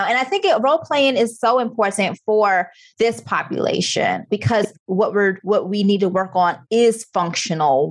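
A woman hosts an educational interview, eagerly asking her guest for examples. Her voice sits at a middle pitch, and she sounds enthusiastic throughout. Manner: enthusiastic, prompting questions. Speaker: course host and interviewer. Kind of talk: casual interview.

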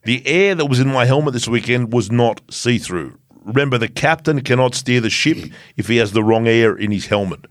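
A man's voice: mid-range voice, no echo, clean studio sound, close to an everyday voice. A man voicing a pompous, self-important ship captain in a stiff, put-on foreign accent as a comic podcast bit. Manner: stiff commanding fake foreign accent, slow and deliberate. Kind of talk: comedic podcast skit.

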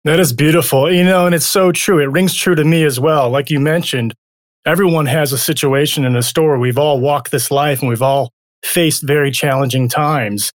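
An upbeat, encouraging male podcast host leads the interview. His voice sits a little higher than most men's, and the recording is dry with no room echo. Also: fairly even intonation, moderate pace.

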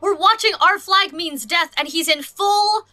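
A woman playing a tabletop game, telling a quick chatty story between turns. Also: very high-pitched, pushed and bright, soft background music. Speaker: player. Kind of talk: casual chat at a game table.

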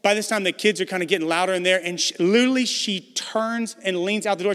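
A man's voice: high-pitched, fast, few pauses, a bit bright, smooth, long reverb tail. A man preaching a conversational sermon as pastor, building emphasis through repetition.

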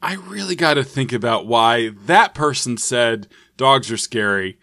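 Dry, low-key male podcast co-host. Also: expressive, a little slow, bright, forceful tone, no echo. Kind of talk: casual comedy podcast chat.

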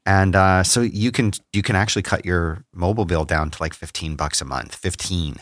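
Man, low voice, relaxed podcast co-host, laughs easily, dry close sound. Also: normal speed, no echo. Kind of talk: casual chat with a read ad.

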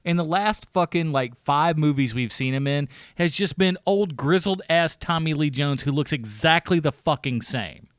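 A man throwing quick, profane wisecracks into a casual movie-podcast chat. His voice runs slightly high and very animated, and it sounds dry and close. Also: dry recording. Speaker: podcast co-host.

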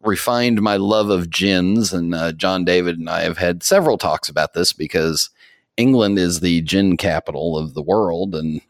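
A deep-voiced American man talks through a casual podcast conversation. He rambles comfortably, with many fillers and small laughs. The sound is dry and close. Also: normal speed, gravelly, no echo. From United States. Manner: relaxed and rambling, with frequent fillers and soft laughs. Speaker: podcast host. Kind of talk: casual chat.

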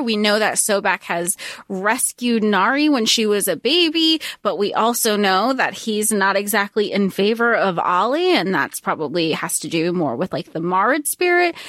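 A woman's voice: mid-range voice, a bit bright, dry recording, clean studio sound. A woman co-hosting a podcast, reflecting on a book and working through her notes aloud. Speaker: podcast co-host. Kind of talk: casual book discussion.

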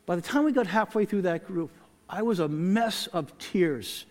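Pastor, late middle age, slightly raised pitch, earnest and quiet-spoken, preaching on a stage mic in a big church. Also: male voice, expressive, moderate pace. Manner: earnest, reflective, soft passages dropping to near hush. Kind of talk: sermon with personal storytelling. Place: large church sanctuary. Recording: long hall reverb in a church.

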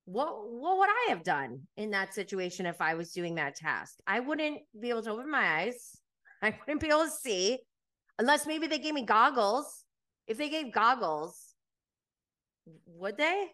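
Animated chatty woman podcast host. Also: on the high side, measured pace. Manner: chatty, animated, laughs often, lots of fillers. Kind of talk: casual chat recapping reality TV.

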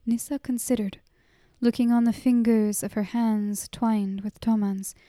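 A woman reading a story aloud in a hushed, half-whispered narration. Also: a little high, fairly even intonation, unhurried, dry recording, clean studio sound. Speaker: audiobook narrator. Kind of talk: soft-spoken storybook narration.

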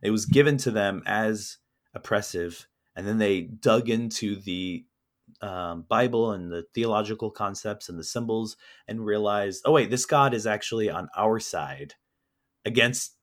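A man with a fairly low voice answers interview questions. He speaks earnestly, in a measured and reflective way, as a guest talking about his book. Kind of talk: conversational interview.

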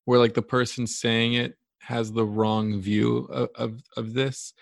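A man's voice: medium pitch, flat delivery, a little slow, gravelly, no room sound, studio quality. A man co-hosting a casual podcast discussion, searching for words with stammering restarts. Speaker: podcast co-host.

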